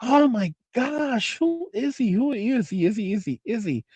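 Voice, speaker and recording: Swearing, excitable man on a livestream. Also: very high voice, unhurried, slightly rough, no room sound. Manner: profane, excitable, trails off and restarts. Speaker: livestream host reading chat. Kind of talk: casual rambling livestream talk.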